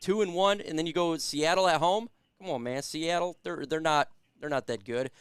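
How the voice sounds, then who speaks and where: A man's voice: fairly high pitch, normal speed, clear, resonant tone, dry recording, clean studio sound. A man hosting a casual sports live stream who hypes the chat and reads out viewer comments. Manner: hypes chat, reads super chats aloud.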